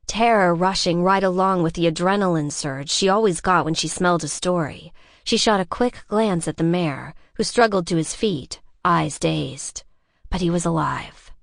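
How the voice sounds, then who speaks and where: A woman narrating a suspense audiobook in a measured, scripted style. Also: dry recording, clean studio sound. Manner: measured, voices characters with shifts in pitch.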